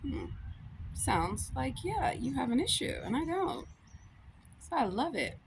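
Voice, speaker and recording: A woman's voice: high voice, big pitch swings, measured pace, creaky. Cussing woman going off in a vlog, voice jumps all over, lots of road noise behind. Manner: profane and blunt, laughs often. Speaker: law student and comedian. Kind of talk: casual rant to camera. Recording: noisy with vehicle sounds behind.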